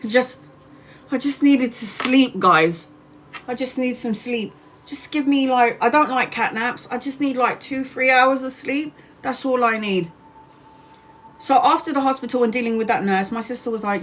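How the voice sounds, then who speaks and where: A woman telling a story casually to her livestream viewers. She is animated and swears freely, and she often repeats herself. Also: a little high, normal speed, a little hiss or hum. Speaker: tarot reader and live streamer.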